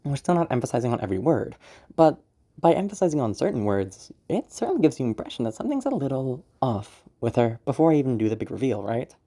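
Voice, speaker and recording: A man's voice: medium pitch, sing-song, fast, mellow. A man teaching voice acting in a loose, chatty tutorial, swearing now and then. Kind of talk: casual spoken tutorial.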